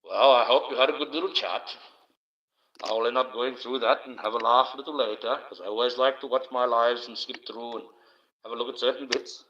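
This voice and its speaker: A man hosting a livestream alone, rambling and swearing in loose casual banter into a low-placed mic. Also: sharp tone. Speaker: livestream host. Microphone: low-placed desk mic. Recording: dull lo-fi stream audio.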